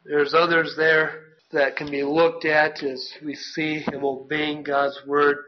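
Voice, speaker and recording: A man's voice: a little high, little pitch movement, slow pace, lo-fi sound. A man preaching a sermon, earnestly reading and explaining scripture verses. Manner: earnest, reads scripture aloud, self-corrects.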